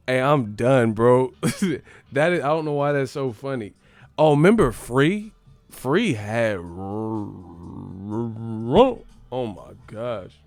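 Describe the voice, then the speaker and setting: Man host, profane laughing livestream chatter, gravelly voice, dry close sound. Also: mid-range voice, lively intonation, takes it slowly, dry recording. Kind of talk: casual livestream chat.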